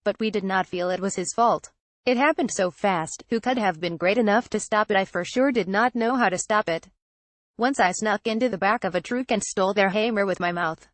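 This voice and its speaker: A woman's voice: mid-range voice, fairly quick, no echo. A woman narrating an audiobook in an earnest, naive first-person storytelling manner.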